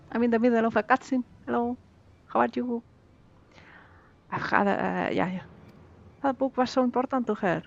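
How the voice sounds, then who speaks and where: A woman's voice: fairly high pitch, normal speed, gravelly, long pauses, dull audio. Giggly woman streaming a game. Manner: giggly, excitable, chatty. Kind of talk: casual live-stream chat.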